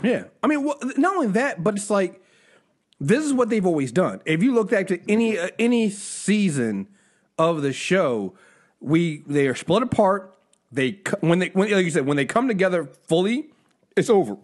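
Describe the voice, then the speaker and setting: A man co-hosting a casual review show, chatting loosely and acting out scenes. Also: moderate pace. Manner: animated, acts out scenes in high mock voices. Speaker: podcast co-host.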